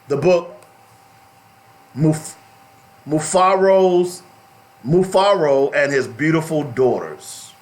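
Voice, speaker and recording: A man's voice: sits high, animated, measured pace. A middle-aged man hosting a talk radio show, speaking in an emphatic, preachy way and repeating phrases for stress.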